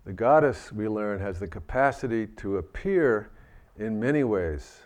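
A man giving a Buddhist dharma talk, gentle and reflective, often restarting his sentences. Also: lowish voice, expressive, a little slow. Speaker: Buddhist teacher.

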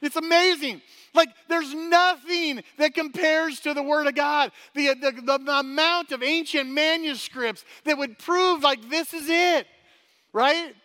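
A man preaching a sermon as pastor, energetic and chatty, often tossing "right?" at the congregation and restarting his sentences. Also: very high voice, measured pace. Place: church hall. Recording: long hall reverb.

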